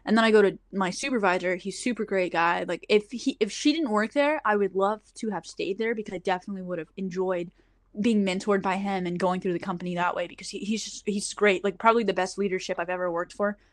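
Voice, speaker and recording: A woman's voice: mid-range voice, steady tone, quick pace. A young adult woman telling a story on a podcast in a casual, profane way, saying "like" often. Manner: chatty, profane, heavy use of "like". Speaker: podcast host.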